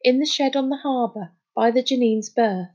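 A woman's voice: on the high side, moderate pace, a little mellow, slightly rough, highs cut off, pitched above the performer's own voice. A woman reading a storybook, voicing a blunt, cocky young boy who is proud of his boat. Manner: blunt, boastful.

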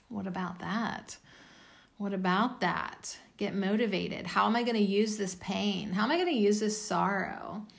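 A woman's voice: medium pitch, gravelly. A tired woman giving a casual oracle card reading, blunt and self-mocking, with the odd swear.

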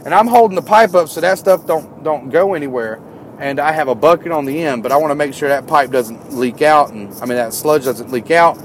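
Male storyteller, high-pitched and lively, faint traffic noise outdoors. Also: a little fast. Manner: animated, climbs higher and louder when worked up. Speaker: tradesman telling work stories. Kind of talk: casual storytelling.

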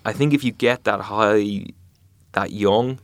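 A man's voice: on the low side, slow pace, no room sound. A man, an actor being interviewed, talking in a thoughtful, rambling way with many fillers. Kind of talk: casual interview chat.

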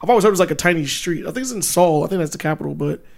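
A man co-hosting a podcast, chatting casually with loose, profane, animated storytelling. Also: fairly high pitch, racing, gravelly. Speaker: podcast co-host.

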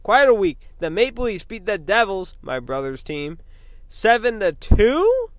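A man's voice: high-pitched, sing-song, measured pace, no room sound. A young man hosting a loose, rambling solo show from a car, joking, trash-talking and swearing freely. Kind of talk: rambling casual monologue.

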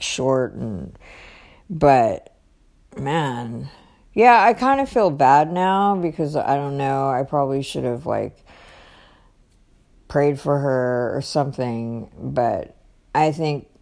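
A woman's voice: a bass voice, a little mellow. A woman vlogger telling a story in a casual, rambling way, full of fillers and exasperated asides. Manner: rambling, many fillers and restarts.

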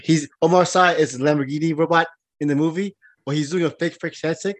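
A man co-hosting a casual movie podcast, excitable and rambling, with many fillers, restarts and laughs. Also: a little high, a little fast, no room sound. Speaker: podcast co-host.

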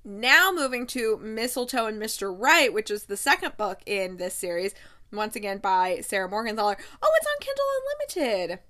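A woman book vlogger recapping a romance novel in casual chat, chatty and excitable, acting out quotes and laughing often. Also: medium pitch, moderate pace.

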